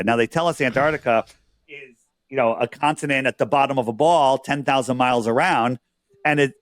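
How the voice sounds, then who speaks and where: A man's voice: medium pitch, no echo, studio quality. A man being interviewed as a guest. He talks casually and earnestly, explaining things on his screen and checking in often with rhetorical questions.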